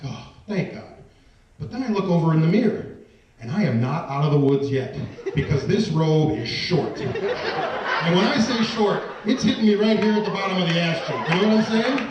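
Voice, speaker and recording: Animated stand-up comic in an echoey room. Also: male voice, a little high. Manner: self-deprecating storytelling with audience asides. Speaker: stand-up comedian. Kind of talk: stand-up comedy routine. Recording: echoey room, distant mic, audience laughter. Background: audience laughter.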